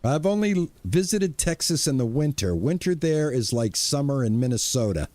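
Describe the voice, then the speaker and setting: A man's voice: mid-range voice, expressive, a little slow, dark tone, no room sound. A middle-aged man streaming a game, chatting casually and greeting viewers by name, often restarting his words. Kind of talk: casual live-stream chat.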